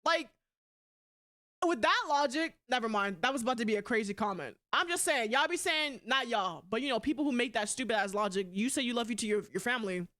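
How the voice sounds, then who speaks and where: A young woman streaming live, chatting casually and bluntly, swearing a lot and swinging between loud outbursts and quieter asides. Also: a little high, animated, quick pace, few pauses. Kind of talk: casual livestream chat.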